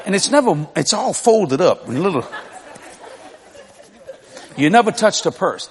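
A man's voice: sits high, sing-song, unhurried, a faint crowd, slight background noise. A man from New Orleans telling a folksy family story in a sermon, laughing often.

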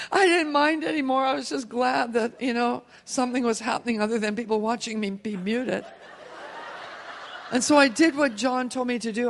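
A woman preaching a sermon, telling a personal testimony with lively, emotional storytelling. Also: sits high, creaky. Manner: animated storytelling, laughing and emotional.

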